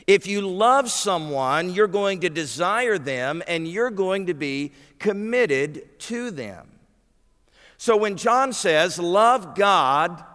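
A man's voice: sits high, fairly bright tone, clear, resonant tone, in a large hall. A man preaching a sermon, emphatic and putting questions to his congregation. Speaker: pastor. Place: church sanctuary.

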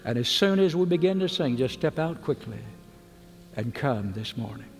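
A middle-aged man preaching a sermon with an altar call, earnest and pleading, dropping soft and slow on key words. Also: medium pitch, animated, in a large hall, faint music behind. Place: large church with balcony.

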